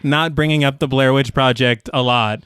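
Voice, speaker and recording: A man co-hosting a podcast, making wry deadpan comments in casual chat. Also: mid-range voice, normal speed, clean tone, dry recording, clean studio sound. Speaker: podcast co-host.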